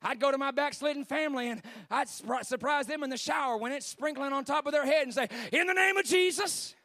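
A high-pitched male preacher telling a story from the pulpit. He is animated, dropping low and quiet for the retelling and then rising to shouted peaks. The sound is close and dry. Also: fast talker, no echo. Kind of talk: sermon storytelling.

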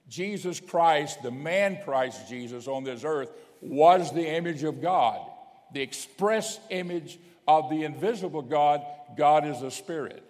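A man's voice: a little high, measured pace, a little mellow. A man preaching a sermon as a bishop, emphatic, with stumbling restarts and frequent checks that the congregation is following. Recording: long hall reverb.

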